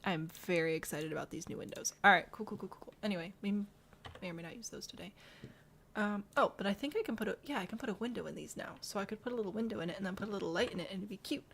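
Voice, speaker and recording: A woman's voice: medium pitch, fast, gravelly, a bit bright, a little hiss or hum. A young woman from the Midwest chatting casually on a live stream as she builds in a game, laughing often and murmuring to herself. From American Midwest.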